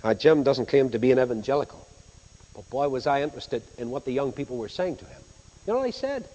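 A man preaching a sermon, emphatic, swinging between loud and hushed delivery. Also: mid-range voice, animated, fast talker, big-room sound, poor audio.

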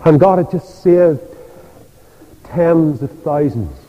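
A man's voice: on the high side, slow. An older man with a Northern Irish accent preaching a sermon, telling stories animatedly and acting out the voices of the people in them. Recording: dull reverberant church hall.

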